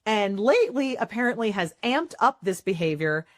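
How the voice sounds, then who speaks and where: A woman's voice: medium pitch, normal speed, dry recording, clean studio sound. A woman hosting a casual chat, telling stories and acting out the quotes. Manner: animated storyteller who acts out quotes loudly. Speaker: property manager, podcast host.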